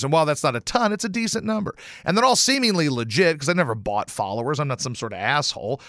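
A man hosting a podcast, delivering a casual, profane, animated rant on his own. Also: on the high side, quick pace, hardly any pauses, dry recording, clean studio sound. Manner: animated and profane, swears often. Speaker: podcast host. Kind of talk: casual ranting monologue.

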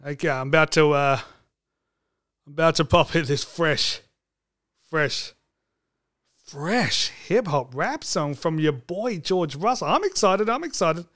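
A man's voice: a little high, slow pace, long pauses, a bit bright. A man hosting a comedic podcast, joking and irreverent and swearing freely. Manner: joking, irreverent, mock phone call, swears. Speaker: podcast host.

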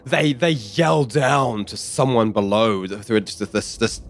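A man narrating a tabletop game as game master, vivid and halting with restarts. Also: fairly low pitch, soft background music.

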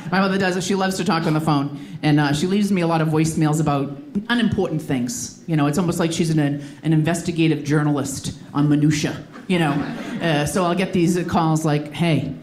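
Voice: medium pitch, fairly even intonation, a little fast, hardly any pauses. A stand-up comedian from Boston tells chatty stories about family and often laughs mid-line. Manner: chatty storytelling, laughing through lines. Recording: noisy clip with ambience.

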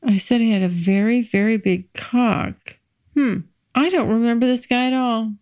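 A woman's voice: fairly high pitch, normal speed, a little mellow, no room sound. Frank, chatty woman podcast host. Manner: frank, chatty, laughs easily. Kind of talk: casual solo podcast monologue.

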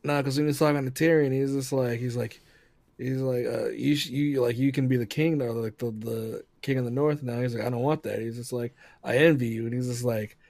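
Relaxed slangy man on a call. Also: medium pitch, vocal fry, no room sound. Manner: relaxed, slangy, halting with restarts. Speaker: podcast co-host. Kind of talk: casual chat over a video call. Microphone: video call.

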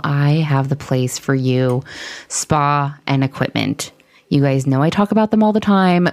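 Low-voiced woman hosting a podcast. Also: a little mellow. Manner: chatty, laughs often, talks while eating. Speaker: podcast host. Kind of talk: casual podcast chat.

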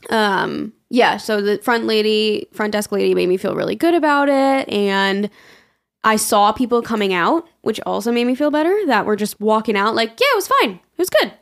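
A woman's voice: medium pitch, normal speed, vocal fry. A young woman co-hosting a podcast, telling a story in casual chat, acting out the people she quotes and laughing often. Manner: animated, acts out quoted people in raised voices, laughs often. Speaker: podcast co-host.

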